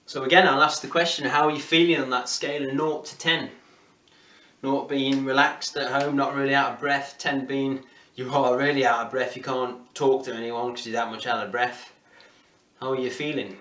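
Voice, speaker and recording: A man's voice: mid-range voice, flat delivery, normal speed, sharp tone, reverberant, recorded from a distance, highs cut off. A man with an English accent leading a home workout class, encouraging and counting down reps. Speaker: fitness instructor.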